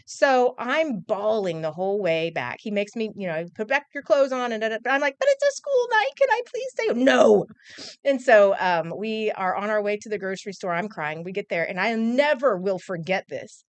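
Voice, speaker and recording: A woman's voice: mid-range voice, moderate pace, clear, resonant tone, no room sound. A woman in her forties, a news anchor, chatting casually on air and telling a story with acted-out quotes. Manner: animated storyteller, acts out quotes. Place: TV news studio.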